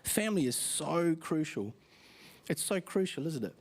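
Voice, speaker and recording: A middle-aged pastor giving a casual, joking sermon, asking the congregation questions. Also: male voice, on the high side, very animated, moderate pace, slightly rough. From Australia. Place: church hall with congregation.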